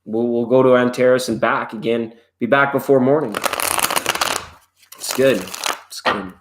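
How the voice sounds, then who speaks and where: A middle-aged man chats his way through a live tarot reading, loose and wandering, slipping in jokes as he goes. His voice sits at an ordinary male pitch and stays relaxed and conversational. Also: measured pace, very noisy. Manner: loose and playful, drifts into jokes and snatches of song. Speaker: tarot reader hosting a live stream. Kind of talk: casual rambling live-stream chat.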